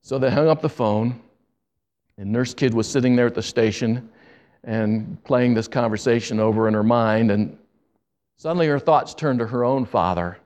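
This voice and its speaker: A man preaching, telling a story earnestly and slowing down for emphasis. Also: mid-range voice, darkish tone. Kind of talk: sermon storytelling.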